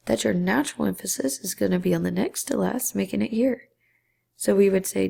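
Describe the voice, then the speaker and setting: A woman's voice: mid-range voice, brisk, vocal fry, dark tone, slightly rough. A woman teaching a Spanish grammar lesson, explaining patiently step by step and sometimes dropping to a whisper on key syllables.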